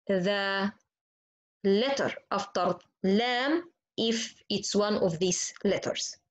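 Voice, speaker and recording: A woman teaching Quran recitation, slowly and patiently repeating each example word. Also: medium pitch, darkish tone, low-quality recording. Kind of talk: slow tajweed lesson with spoken examples.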